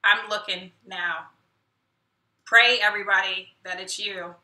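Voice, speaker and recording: A woman's voice: medium pitch, fairly even intonation, measured pace, pushed and bright. A woman hosting her own live stream in casual chat, self-deprecating and muttering asides to herself. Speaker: YouTube host. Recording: roomy echo, mic at a distance.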